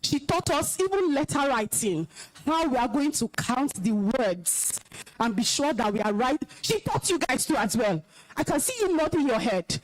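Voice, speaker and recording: A woman's voice: high-pitched, animated, normal speed. A young Nigerian woman, an alumna, gives a stern, emotional talk to schoolchildren, commanding and scolding them. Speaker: alumna speaker at school event. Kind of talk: stern address to students.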